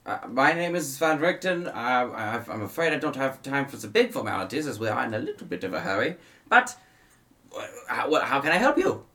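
A jittery middle-aged monster hunter, as a man puts him on for a tabletop game, hurried and earnest. He stammers and restarts, rushing his words. His voice sits well above the man's own low register. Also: sing-song, sharp tone, distant mic.

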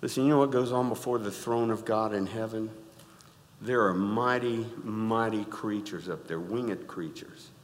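A middle-aged man preaching a sermon in a church, animated and rising to loud exclaims, often asking the congregation to answer back. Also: fairly low pitch, normal speed. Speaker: pastor. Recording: reverberant church hall.

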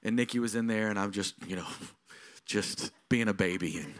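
A middle-aged man, a lead pastor, preaching a sermon in a storytelling way that moves from quiet moments to emphatic passages. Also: fairly low pitch, moderate pace.

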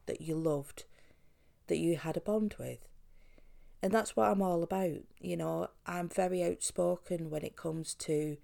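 A woman's voice: sits low, vocal fry, dark tone. A woman hosting a podcast, speaking earnestly and reassuringly straight to the listener. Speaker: podcast host on pet bereavement. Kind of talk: direct-address podcast talk.

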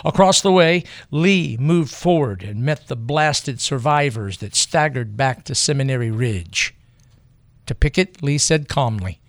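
A man giving scripted historical narration in a grave, measured way with deliberate pauses. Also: mid-range voice, lively intonation, dry recording.

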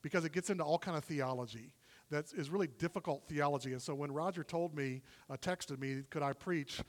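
A male guest preacher gives a sermon in a conversational, animated way and acts out the quoted dialogue as he retells it. His voice sits a little higher than most men's. The sound trails off in the long reverb of a church hall. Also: fairly quick. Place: church service in a warm room.

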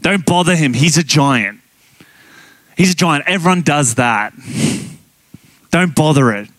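A man voicing timid adult soldiers who hush a boy and dismiss the danger, in a low, dismissive tone. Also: expressive, a little slow, dry recording. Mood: hushed warning. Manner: hushed, dismissive, shrugging.

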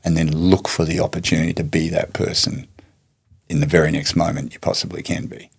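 A man being interviewed as a guest, answering in a measured, reflective way and telling stories in which he acts out what other people said. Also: rumbling low, little pitch movement, gravelly, breathy edge. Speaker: guest, martial arts teacher and charity head.

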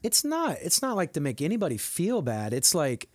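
A man's voice: a little high, huge pitch swings, moderate pace, no room sound, studio quality. A man hosting a podcast in casual chat, teasing and prodding his co-host to tell stories.

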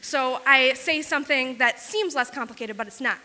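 A woman from Wisconsin telling a self-mocking story on stage, fast and full of "like". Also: sits high, pushed and bright, in a large hall. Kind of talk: live comic storytelling.

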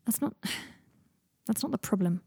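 A tired, gentle young man with a subdued voice that often drops near a whisper, read by a woman narrator. The tone is mellow and breathy, recorded close and dry. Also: mid-range voice, lively intonation, unhurried, dry recording, exaggerated voice.

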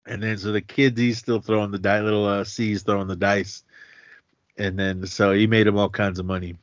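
A man's voice: lowish voice, little pitch movement, moderate pace, dry recording. A man co-hosting a podcast, recapping a movie scene in casual chat, laughing often and acting out the lines. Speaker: podcast co-host. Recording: dull lo-fi dry audio.

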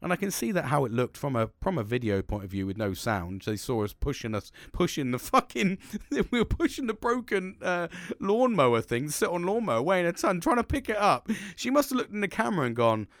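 A young man telling a work story in a casual, animated way, swearing constantly and laughing as he goes. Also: a little high, fairly quick, no room sound, clean studio sound.

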